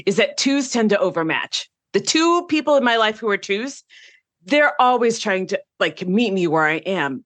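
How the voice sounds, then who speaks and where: A married woman speaking as a guest on a podcast panel, assertive and confident, talking in an animated way. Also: medium pitch, moderate pace, dry recording.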